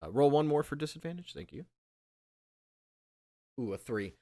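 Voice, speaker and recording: A man's voice: fairly high pitch, big pitch swings, moderate pace, warm tone, no room sound, studio quality. A man narrating a tabletop game as game master, describing scenes with frequent ums and restarts.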